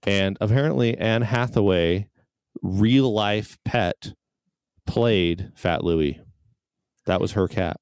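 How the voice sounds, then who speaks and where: A man's voice: fairly low pitch, slow pace, long pauses, a little mellow, smooth, no echo, studio quality. A man co-hosting a casual podcast chat, reading out movie trivia and laughing often. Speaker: podcast co-host.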